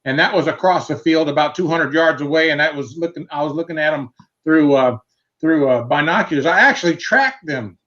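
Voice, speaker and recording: Round table guest, man, high-pitched, casual and unhurried, muffled lo-fi sound. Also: fairly bright tone. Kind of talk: casual personal account.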